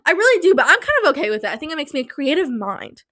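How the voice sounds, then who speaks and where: A woman's voice: high voice, sing-song, racing, fairly bright tone, no room sound. Hyper, rambling young woman podcaster. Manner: hyper, rambling, self-mocking. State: sleep-deprived and slap-happy; sore throat from yelling. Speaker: podcast host. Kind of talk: casual solo podcast chat. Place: small home studio. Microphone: studio mic, close.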